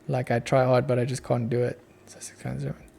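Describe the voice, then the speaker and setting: Australian dev streamer, young guy, low mellow voice with a gravelly edge, thinks out loud. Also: flat delivery, fast talker. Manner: muttering to himself while working, chuckling. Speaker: streamer, app developer. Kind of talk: casual live coding stream.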